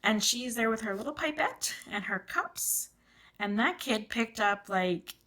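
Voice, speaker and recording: A woman and mother chatting casually to her viewers as she crafts, expressive and given to rambling asides. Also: on the high side, measured pace. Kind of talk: casual chat while crafting.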